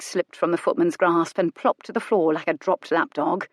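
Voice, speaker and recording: A woman narrating a romance audiobook in a measured, wry storytelling manner. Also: on the low side, steady tone, no room sound, studio quality. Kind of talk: scripted narration.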